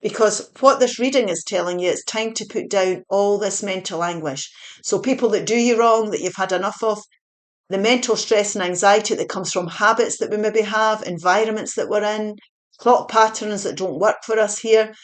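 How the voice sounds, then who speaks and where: A woman's voice: medium pitch, normal speed. A woman giving a spiritual pick-a-card tarot reading, earnest and encouraging, repeating her points with small fillers. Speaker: tarot reader.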